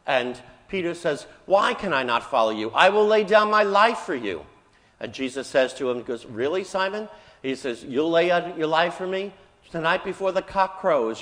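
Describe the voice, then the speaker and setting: A man preaching a sermon as a priest, telling the story vividly and raising his voice for the quoted lines. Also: fairly high pitch. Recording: church hall reverb.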